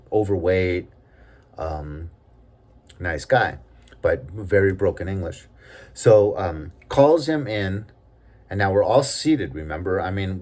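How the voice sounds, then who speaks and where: A man with a somewhat low voice tells a personal story in a loose, conversational way. He rambles, pauses on fillers, and sounds openly indignant. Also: darkish tone. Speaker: storyteller recounting a workplace experience.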